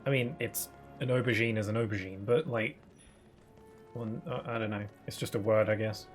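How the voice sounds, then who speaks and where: A man's voice: lowish voice, fairly even intonation, normal speed, faint music behind. A man with a British accent, a gaming streamer, musing casually with rambling fillers while he plays.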